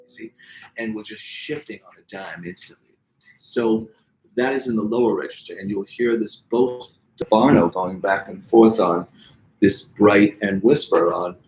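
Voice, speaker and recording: A man's voice: lowish voice, normal speed, darkish tone, a little hiss or hum, poor audio. A middle-aged man from the Boston area with a Boston accent, giving an online voice lesson and breaking into sung examples as he explains. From Boston area, United States. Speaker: voice teacher.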